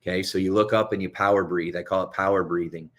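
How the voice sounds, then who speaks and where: A man with a fairly low voice delivers a motivational self-help talk as a coach. He talks quickly and urgently, pressing advice on the listener. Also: fairly even intonation, a bit bright. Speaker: hypnotherapist and coach.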